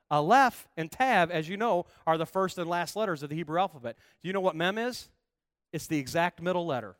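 High-voiced man preaching with rising fervor. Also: dry recording, studio quality. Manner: emphatic preaching, building to loud passionate calls. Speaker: pastor. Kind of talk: sermon.

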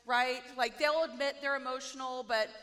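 A woman preaching a sermon in a playful, self-mocking, animated way. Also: high-pitched, moderate pace, in a large hall.

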